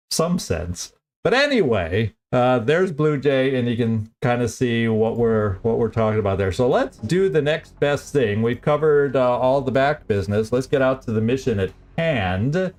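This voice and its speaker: A man's voice: medium pitch, darkish tone. A man streaming a strategy game and chatting casually, laughing often and poking fun at himself. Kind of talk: casual let's-play commentary.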